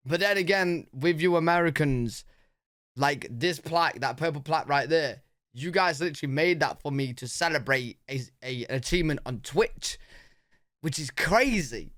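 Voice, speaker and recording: A British man hosting a reaction video, chatting loosely and animatedly and calling the viewer "bro." His voice sits a little higher than most men's. The sound is dry and close. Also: a bit bright, dry recording. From United Kingdom. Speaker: reaction channel host. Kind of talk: casual reaction commentary.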